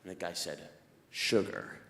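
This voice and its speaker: A man from Boston doing stand-up, with a fairly high voice that leaps around expressively. He moves from hushed asides to loud outbursts, recorded on a live stage mic with clear ambient noise around him. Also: normal speed. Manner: animated storytelling that swings between hushed and shouting. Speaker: stand-up comedian. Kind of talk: stand-up comedy set.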